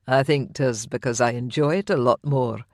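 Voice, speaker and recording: An audiobook narrator voicing a tender male Highland laird and warrior, in a low, murmuring manner. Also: normal speed, no room sound, clean studio sound, lightly acted. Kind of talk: audiobook dialogue.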